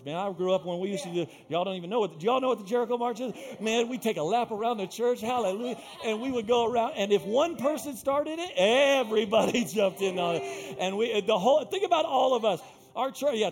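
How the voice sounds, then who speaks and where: A male pastor preaching a sermon, swinging between quiet asides and loud emphatic peaks, with playful self-teasing humor. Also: high-pitched, lively intonation, fairly quick.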